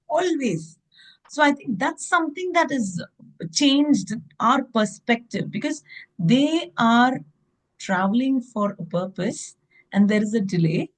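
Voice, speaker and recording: A woman's voice: fairly high pitch, rough recording. Woman, trainer recounting anecdotes, chatty interview tone. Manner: anecdotal, with fillers like "I mean" and "you know". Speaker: behavioral trainer and former airline staff. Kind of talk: interview conversation.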